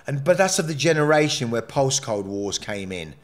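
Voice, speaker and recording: Animated, profane man telling stories. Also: mid-range voice, normal speed. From England. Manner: animated, profane, rambling with frequent restarts. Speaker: podcast guest. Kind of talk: candid interview storytelling.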